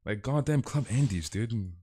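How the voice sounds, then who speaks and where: A man's voice: medium pitch, lively intonation, measured pace, dark tone, slight background noise. A man streaming a game and ranting in casual chat, swearing and filling his talk with "dude" and "like.". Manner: swears and repeats himself.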